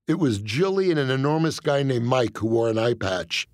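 A male comedian narrating his own memoir as a comic audiobook, deadpan and self-deprecating, on a close studio mic. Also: mid-range voice, normal speed, dry recording.

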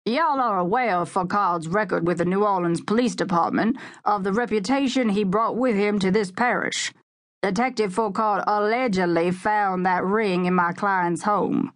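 Smug, combative male defense lawyer in an audiobook, read by a woman, pitch lifting as he presses his case. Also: normal speed, natural voice. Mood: defiant. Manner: combative, addressing reporters.

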